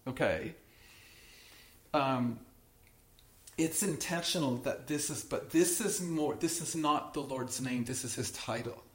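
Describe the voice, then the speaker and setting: A man's voice: mid-range voice, takes it slowly, long pauses, fairly bright tone, echoey room. Earnest man teaching scripture to a group. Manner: earnest, emphatic, with frequent restarts and checks with listeners. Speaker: Bible teacher. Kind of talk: teaching a Bible study to a small group.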